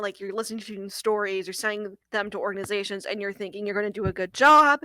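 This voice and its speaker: In an interview, a young adult hotline worker for domestic violence victims describes a tough call she handled, speaking earnestly with hesitations and lots of "like." Her mid-range voice is bright and tense, her tone steady. The audio is close-miked with no room sound, and its quality is poor.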